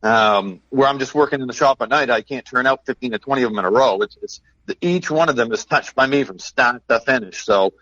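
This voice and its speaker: A man's voice: mid-range voice, fairly quick, bright, forceful tone, dry recording, muffled recording. A man who makes game calls, telling stories as a guest in a casual podcast chat, upbeat and talkative. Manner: chatty, storytelling, upbeat.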